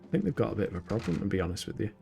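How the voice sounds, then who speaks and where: A man's voice: lowish voice, big pitch swings, racing, gravelly, dark tone, faint music behind. A man from the UK with a northern English accent, chatting casually and laughing at himself while streaming a game. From United Kingdom. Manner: chatty and self-mocking, laughs often. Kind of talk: casual gameplay commentary.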